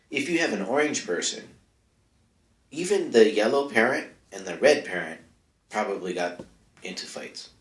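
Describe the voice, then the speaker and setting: Low-voiced man rambling in an echoey room. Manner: rambling and offhand, full of asides and mic checks. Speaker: comedic advice-column host. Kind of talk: rambling comedic monologue. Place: small home studio with no insulation. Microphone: close microphone.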